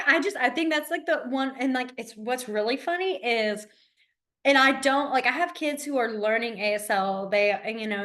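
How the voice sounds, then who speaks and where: A young woman teaching a beginner sign language class, chatty and quick to laugh, with lots of fillers. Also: a little high, a bit bright. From Alabama. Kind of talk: casual classroom instruction.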